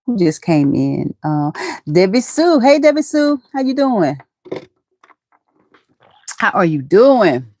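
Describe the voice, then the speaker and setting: A woman's voice: medium pitch, very animated, slow, long pauses, a little mellow, no echo. A middle-aged woman hosting a casual livestream from her home computer, chatting in a folksy way and greeting viewers by name. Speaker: livestream host.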